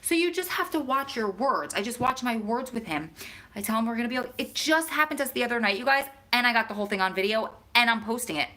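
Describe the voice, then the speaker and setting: Bright-voiced chatty woman vlogger. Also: a little high, animated, fast. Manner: chatty, talks straight to viewers. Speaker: vlogger answering viewer questions. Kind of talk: casual chat.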